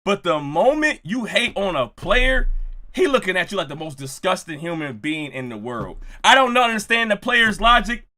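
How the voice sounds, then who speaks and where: A young man telling a story with jokes, acting out quotes and often shouting. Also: high voice, big pitch swings, normal speed. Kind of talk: animated storytelling.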